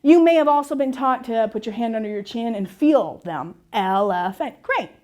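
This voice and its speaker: Lively woman teaching spelling rules. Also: fairly high pitch, normal speed. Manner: lively, encouraging, asks and answers her own questions. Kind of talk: classroom lesson on spelling rules.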